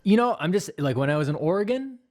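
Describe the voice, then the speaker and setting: A man's voice: high voice, very animated, fast, a little mellow. A man from Massachusetts co-hosting a casual podcast, teasing and playful, swearing freely in banter. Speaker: podcast co-host. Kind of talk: casual chat.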